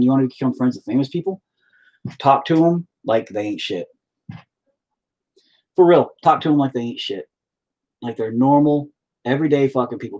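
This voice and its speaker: A man's voice: medium pitch, a little mellow, breathy edge. A middle-aged man telling rambling, profane stories in a laid-back way while painting. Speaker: painter and musician streaming. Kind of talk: casual storytelling while painting.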